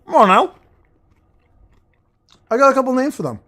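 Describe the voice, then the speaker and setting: Lively high-voiced joking streamer man. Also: normal speed. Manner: joking, crude, rambling banter with chat. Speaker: gaming streamer reading chat. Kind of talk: casual livestream chatter while playing.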